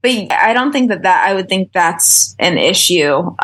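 A woman's voice: fairly low pitch, expressive, normal speed, a bit bright, slight background noise. Co-host woman, sympathetic listener, short agreeing chimes. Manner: supportive, brief agreeing replies. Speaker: podcast co-host. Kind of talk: casual chat.

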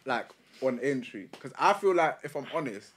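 A man's voice: mid-range voice, moderate pace. A young man, teasing his friends in casual chat. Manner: teasing, lively banter.

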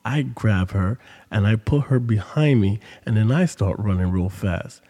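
A man's voice: on the low side, expressive, a little slow, dark tone, in a large hall. A man hosting a podcast, telling a story in casual monologue with loose, profane street talk. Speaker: podcast host.

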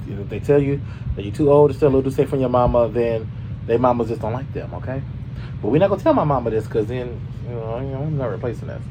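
A man hosting a casual gossip show, sassy and animated, often swooping up into high squeals. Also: background noise. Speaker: host.

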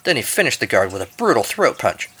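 A man's voice: mid-range voice, very animated, quick pace, bright, forceful tone, husky. Dry-humored male podcast host. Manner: dry, jokey asides. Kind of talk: comic storytelling narration and show outro.

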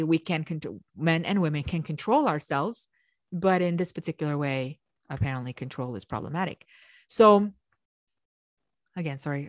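Low-voiced woman giving a chatty lecture. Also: dry recording, clean studio sound. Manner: chatty, ranting, with restarts and fillers. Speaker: host. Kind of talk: casual lecture.

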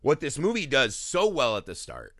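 A man's voice: mid-range voice, moderate pace, no echo, clean studio sound. A middle-aged man co-hosting a casual movie podcast, swearing freely and acting out quotes from his stories. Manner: profane, animated storyteller acting out quotes. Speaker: podcast co-host.

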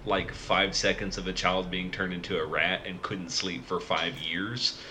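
A man with a low but lively voice speaks slowly and dryly, dropping film trivia in casual podcast chat. His tone is bright and a little sharp. A faint hiss of background noise sits under him. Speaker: podcast co-host.

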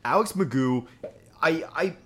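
A man's voice: a little high, lively intonation, measured pace, a bit bright. A young man chatting casually as a podcast co-host, telling rambling, profane stories. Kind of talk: casual chat.

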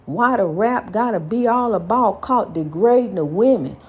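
A woman's voice: medium pitch, expressive, moderate pace, husky. A middle-aged woman giving an emphatic, preachy inspirational monologue, often calling the listener honey. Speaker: speaker giving life advice.

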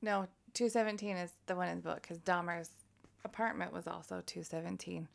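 An excitable woman co-hosting a loose, casual podcast. She laughs often and swears freely. She comes from Colorado. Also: fairly low pitch, brisk, gravelly. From Colorado, USA. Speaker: podcast co-host. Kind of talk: casual chat.

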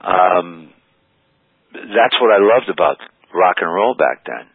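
A man's voice: sits low, animated, slow, husky, no echo. An older man, a rock musician as interview guest, telling stories with lots of fillers. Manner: rambling anecdotes with many fillers. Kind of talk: storytelling interview. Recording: phone line.

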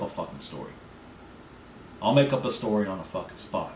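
A man's voice: sits low, expressive, fairly quick, long pauses, a little mellow. A man hosting his own podcast alone, talking in a rambling, profane, brash way. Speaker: podcast host. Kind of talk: casual solo podcast monologue. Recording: echoey room, mic at a distance, faint background noise.

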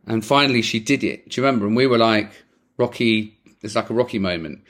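Man, podcast co-host, lively casual chat, laughs easily. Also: lowish voice, fast talker. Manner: animated, laughs often, acts out quotes.

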